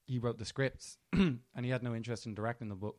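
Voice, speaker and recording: A man, co-hosting a podcast with animated, sweary chat and quick asides. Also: medium pitch, no echo, studio quality. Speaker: podcast co-host. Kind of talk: casual chat.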